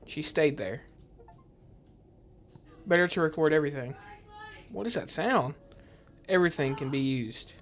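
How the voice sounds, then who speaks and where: A player talks through a horror game, reading each line aloud in a hushed, uneasy voice. The pitch sits in the middle range and the delivery stays tense and quiet. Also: lively intonation, a little slow, pauses often, slight background noise. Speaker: gameplay commentator. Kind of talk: reading game dialogue aloud while playing.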